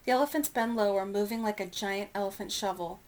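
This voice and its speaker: A woman's voice: medium pitch, fairly quick. Woman reading a children's novel aloud. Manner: clear, expressive storytelling. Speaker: reader.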